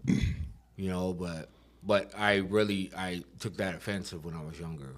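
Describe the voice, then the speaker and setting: A man with a very low voice speaks as a guest on a podcast. He talks in a loose, conversational way. His speech is full of street slang, cursing and "bro.". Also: steady tone, unhurried. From Inland Empire, California. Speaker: podcast guest sharing his recovery story. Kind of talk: casual conversation.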